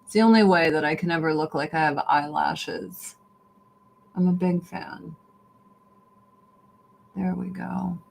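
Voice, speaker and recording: A woman's voice: on the low side, a little slow, gravelly, long pauses, slight background noise. A woman from the United States ranting casually to her livestream viewers in a blunt, profane way, jumping from one topic to the next. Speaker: livestream host.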